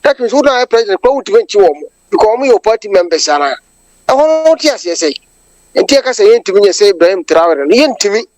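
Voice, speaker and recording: Phoning in to a radio program, a Ghanaian woman gives a long, passionate political commentary, moving back and forth between English and Twi. Her voice is mid-range with a darkish tone, and the recording is dry and low quality.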